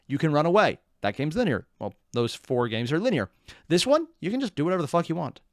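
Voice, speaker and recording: A man giving casual reaction commentary in a chatty way, with animated outbursts. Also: a little high, quick pace, dry recording, clean studio sound. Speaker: reaction video host.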